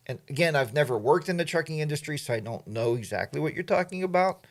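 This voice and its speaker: A man's voice: a little high, very animated, normal speed. A man hosting a casual livestream, reading viewer comments and rambling off topic. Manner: rambling, admits he goes off topic. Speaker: livestream host.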